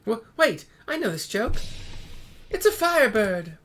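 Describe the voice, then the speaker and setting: A man voicing a small, quick-witted young woman with a put-on accent, talking excitedly. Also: soft background music, exaggerated voice. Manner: excitable, fast, squeaky.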